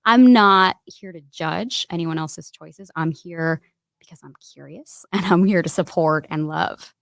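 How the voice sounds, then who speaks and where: Low raspy-ish woman guest on a podcast, earnest chatty talk, dry studio sound. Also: measured pace, dry recording. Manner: earnest, chatty, many "like" and "right?" tags. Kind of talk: candid conversational interview.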